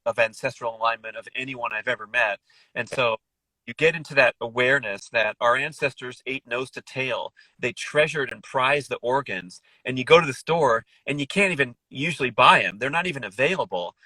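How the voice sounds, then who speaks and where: Middle-aged male podcast guest, eager and rambling, forceful bright tone, dry close sound. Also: medium pitch, normal speed, no echo, poor audio. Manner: enthusiastic, rambling, frequent restarts. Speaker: podcast guest, wellness author. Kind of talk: casual podcast conversation.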